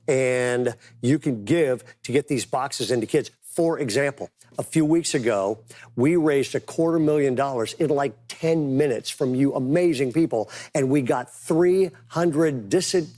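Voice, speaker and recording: A man's voice: a little high, darkish tone. A man preaching a conversational sermon as pastor, telling stories with casual, emphatic asides.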